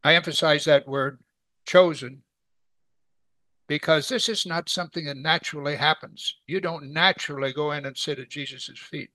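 A man's voice: fairly high pitch, steady tone, fairly quick, few pauses, bright, forceful tone, no echo. A man teaching a weekly Bible study in a conversational way, asking his class rhetorical questions.

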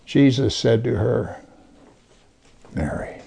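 A man preaching a sermon, reading scripture aloud and commenting on it, at times dropping his voice very low for emphasis. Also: measured pace, creaky. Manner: reads scripture then comments, drops to soft near-whispers for emphasis.

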